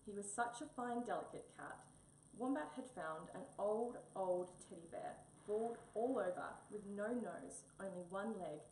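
A woman reading a children's picture book aloud in an expressive storybook manner. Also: mid-range voice. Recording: echoey room, mic a bit far, faint hum.

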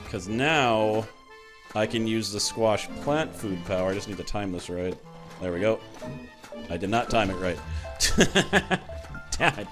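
A man hosting a let's-play, commenting sarcastically and excitably on his game. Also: fairly low pitch. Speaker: gaming channel host.

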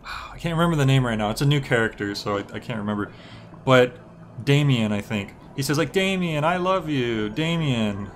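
Talking at a quick pace in a mid-range voice, a young streamer rambles casually over his gameplay. Filler words pop up constantly in the laid-back chat.

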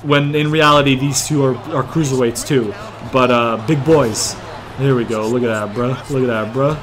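A man's voice: mid-range voice, fairly even intonation, normal speed, fairly bright tone. A man giving casual, rambling gameplay commentary, thinking aloud and swearing freely. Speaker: gaming YouTuber.

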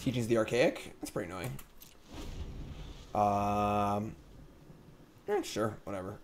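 A man hosting a card game stream, giving casual live commentary as he plays, thinking out loud and joking with chat. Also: on the low side, a little slow, slight background noise. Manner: jokey, reads chat comments aloud.

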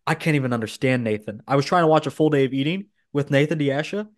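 Mid-pitched guy hosting a podcast, opinionated, keeps restarting his sentences. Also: fast talker. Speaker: podcast host. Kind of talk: casual chat.

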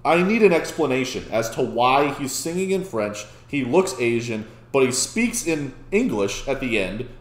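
A man hosting a casual reaction video, excitable and often stammering and restarting mid-sentence. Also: medium pitch, normal speed, hardly any pauses. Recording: echoey room.

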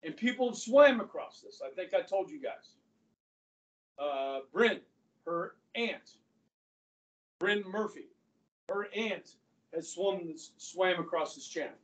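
A male history teacher lecturing his class, telling the story in an animated way and often calling the students "guys". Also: high-pitched, takes it slowly, long pauses. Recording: echoey classroom from far off.

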